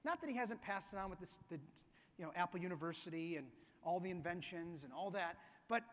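A man's voice: sits high, lively intonation, fairly quick. A man pastor giving a conversational, storytelling sermon in a church sanctuary. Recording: long reverb of a church hall.

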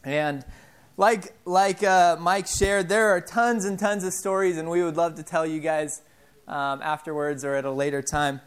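A man in his thirties giving an informal sermon, telling stories in a halting way with many fillers and restarts. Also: a little high, smooth. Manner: animated, self-deprecating storyteller. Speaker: preacher.

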